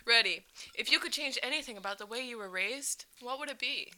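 A woman's voice: on the high side, a little fast, noisy background. A young woman co-hosting a podcast, chatting casually with dry jokes and easy laughter. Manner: dry, joking, laughing easily. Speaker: podcast co-host. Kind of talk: casual chat.

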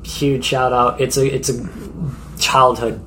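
A man's voice: medium pitch, flat delivery, measured pace, pushed and bright, a little hiss or hum. Giggly rambling man co-hosting a podcast. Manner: rambling, giggly, lots of fillers. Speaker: podcast co-host. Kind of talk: casual travel podcast chat.

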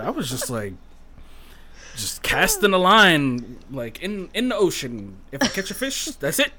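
A man's voice: fairly high pitch, unhurried, over a noisy crowd. A man in his thirties, a podcast guest, telling stories in casual chat and swearing freely. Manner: animated storyteller, swears freely, self-deprecating.

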